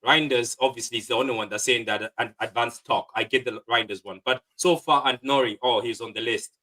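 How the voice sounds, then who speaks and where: Man, football fan guest, bright voice, rambling, lots of fillers. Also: medium pitch, steady tone, a little fast, low-quality recording. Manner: rambling, hesitant with many fillers. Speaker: guest fan channel host. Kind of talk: casual football chat.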